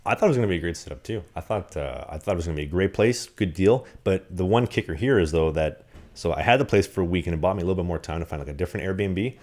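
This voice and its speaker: A man with a lowish voice rattles through a rambling story at speed, acting out every exchange as he goes. This is casual podcast storytelling, loose and animated. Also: rapid-fire. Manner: animated, rambling anecdotes with acted-out quotes. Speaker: podcast co-host.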